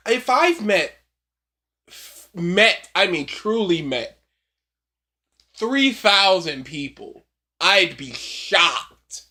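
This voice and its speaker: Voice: mid-range voice, sing-song, drawn-out words, long pauses, bright, forceful tone. A co-host reacting sarcastically and with exasperation on a live stream.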